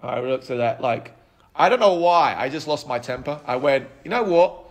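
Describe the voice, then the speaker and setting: A man in his thirties, a podcast guest telling his life story in an animated way, with frequent restarts. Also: mid-range voice, moderate pace. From United Kingdom. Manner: animated, acts out quoted dialogue, frequent restarts. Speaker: podcast guest, app co-founder.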